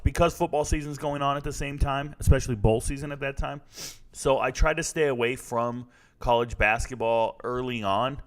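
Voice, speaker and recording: A man's voice: medium pitch, steady tone, normal speed. A middle-aged man giving blunt, casual live-stream commentary on a fight and chatting with his viewers. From United States.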